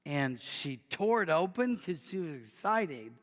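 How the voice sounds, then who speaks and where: Slow dramatic preacher in a reverberant church. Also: male voice, fairly high pitch, big pitch swings. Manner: dramatic swings from loud to near whisper. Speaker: pastor. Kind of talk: sermon storytelling. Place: church sanctuary. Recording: long church hall reverb.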